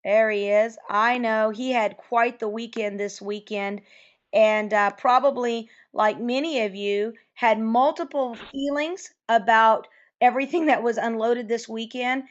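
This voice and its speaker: A woman hosting a sales webinar, upbeat and effusive, talking quickly with fillers. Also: a little high, steady tone, highs cut off. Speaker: webinar host.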